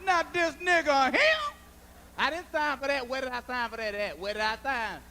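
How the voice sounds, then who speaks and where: High-voiced animated stand-up comedian. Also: male voice, normal speed, a little hiss or hum, low-quality recording. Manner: loud animated storytelling, acts out voices. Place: comedy club stage.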